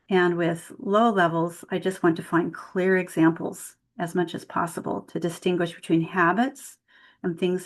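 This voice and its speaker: Low-voiced woman leading a tutor workshop. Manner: explains with spoken example sentences. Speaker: tutor trainer. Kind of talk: online workshop lecture.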